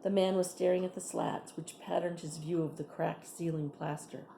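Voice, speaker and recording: Brief: woman reading a chapter book aloud, low dark voice, unhurried with friendly asides. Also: fairly even intonation, gravelly, roomy sound, a little hiss or hum. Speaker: reader.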